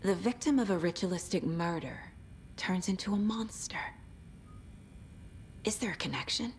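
An actress voicing a calm, analytical female FBI agent who reasons deliberately in a video game. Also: mid-range voice, slight background noise, lightly acted.

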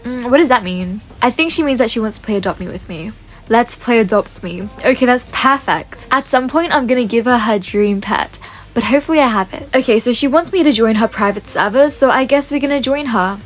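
Excitable high-voiced woman gamer. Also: fairly quick. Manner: excitable, gasping, chatty asides to viewers. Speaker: gaming YouTuber. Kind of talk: casual game commentary to viewers.

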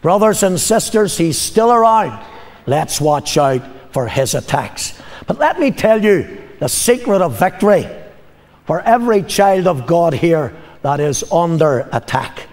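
A man's voice: a little high, very animated, a little slow, a little mellow, in a large hall. An older man preaching a sermon, repeating his lines and calling on the congregation to answer. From Northern Ireland. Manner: calls for congregation responses. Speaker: pastor.

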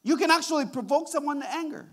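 Male pastor, very high, bright tone, wide swings in pitch, animated and repetitive sermon delivery. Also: fast talker. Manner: animated, repeats words and restarts, acts out little quotes.

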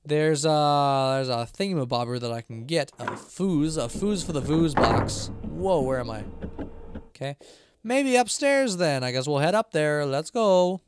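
Playing a horror game on a live stream, a man mumbles along to himself and his viewers, sleepy and yawning. He speaks a little slowly at a fairly high pitch, against a noisy background.

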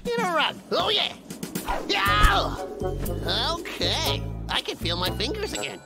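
A woman's voice: extremely high pitch, very animated, unhurried, gravelly, over loud music, exaggerated voice. A woman voicing a scheming male cartoon lumberjack who taunts, cackles and fakes pleading. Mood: gleeful. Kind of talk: cartoon voice acting.

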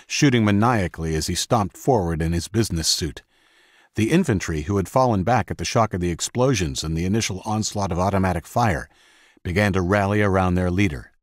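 A man with a very low voice narrates an audiobook in a steady, measured way. The recording is close-miked and completely dry. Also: dry recording. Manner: steady, measured reading of action scenes. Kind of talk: scripted narration.

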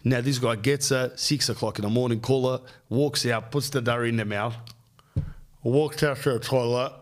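A man's voice: mid-range voice, steady tone, normal speed. An Australian man hosting a podcast, telling a rambling, slang-filled story in casual chat. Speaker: podcast host.

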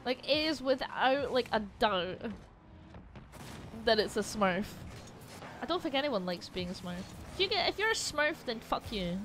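A young woman commentating her own gameplay, excitable and sweary, often yelling at her teammates. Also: a little high, measured pace, slight background noise. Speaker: gaming streamer.

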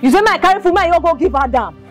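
A woman's voice: lowish voice, fast talker, faint music behind, lightly acted. A young woman with a Nigerian accent playing a blunt, curt young woman who is shy around strangers. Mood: arguing.

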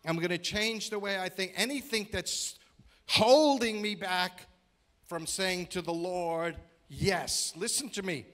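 Guy preaching in church, fairly high voice, punchy, repeats himself in lists, keeps asking the crowd stuff. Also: slow, fairly bright tone. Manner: emphatic, repeats phrases in rhythmic lists, asks the congregation questions. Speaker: guest preacher. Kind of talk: sermon. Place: church sanctuary.

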